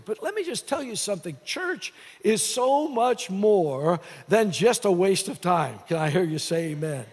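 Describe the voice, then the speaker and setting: A man's voice: high-pitched, expressive, normal speed. A man preaching a sermon as pastor, restarting phrases and repeating words as he goes. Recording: long hall reverb.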